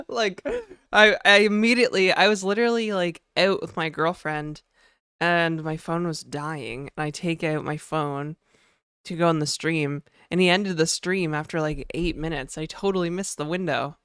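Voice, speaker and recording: A man's voice: on the high side, fairly even intonation, a little slow, a bit bright, smooth, no echo, studio quality. A young man livestreaming casually, slightly nasal from a cold, chatting and rambling as he greets viewers by name. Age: young adult. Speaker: livestreamer and game developer.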